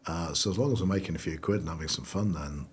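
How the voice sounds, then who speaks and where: A man's voice: sits low, quick pace, a little hiss or hum. A middle-aged man, a brand founder being interviewed, talking casually and rambling with lots of fillers and restarts. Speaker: guest.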